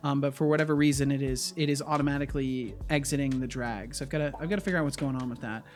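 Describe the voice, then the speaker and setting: A man's voice: mid-range voice, steady tone, racing, faint music behind. A man streaming as a game developer, chatting casually and thinking aloud with frequent restarts, easily startled. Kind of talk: casual live-coding chat.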